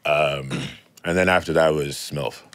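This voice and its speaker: A man with a strikingly deep bass voice, co-hosting a podcast in laid-back, slangy chat. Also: steady tone, a little slow, fairly bright tone, smooth, dry recording. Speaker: podcast co-host, actor.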